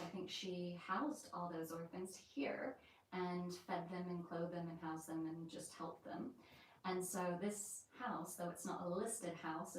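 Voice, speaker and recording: A woman vlogger talking casually in a halting, reflective way with many pauses. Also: lowish voice. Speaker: vlogger telling family history. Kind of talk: casual live-stream talk. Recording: very echoey, distant mic, faint noise.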